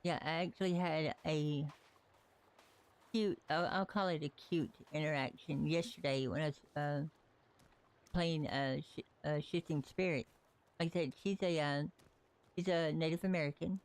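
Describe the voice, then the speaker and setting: Chatty streamer on a casual live gameplay stream, mid-pitched voice, rambles a lot. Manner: rambling, chatty, talks to characters in the game and to viewers. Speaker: livestreamer.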